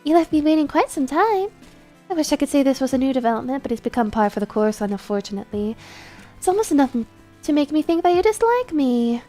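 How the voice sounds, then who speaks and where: A prim landlady with a honeyed, genteel manner and a threat hiding under every polite word, put on by a woman streamer. Her voice sits fairly high and swoops about as she toys with her tenant, all mock-sweetness. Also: very animated, fast, warm tone, soft background music. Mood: sweetly menacing. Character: sweetly menacing prim middle-aged landlady. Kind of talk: voice acting a game's dialogue on stream.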